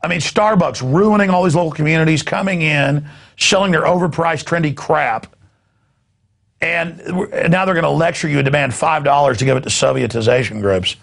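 A man's voice: on the high side, fairly quick, creaky, fairly bright tone. A man hosting a news commentary show, ranting sarcastically in a rambling way with laughing asides. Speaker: host.

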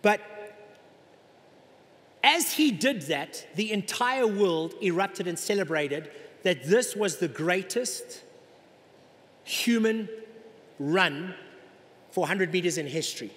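A middle-aged male pastor with a fairly high voice preaches an animated sermon. He slips into the voices of doubters in his congregation to make his point. His words ring out with a long reverb in a large church hall. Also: slow pace, long pauses.

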